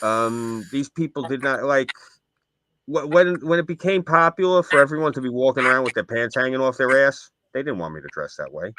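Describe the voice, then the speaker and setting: A man's voice: medium pitch, lively intonation, a little fast, fairly bright tone, no echo. Rambling man telling stories on a stream. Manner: rambling anecdotal storyteller. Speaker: stream co-host. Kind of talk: casual stream chat, storytelling. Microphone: desk mic on a stream.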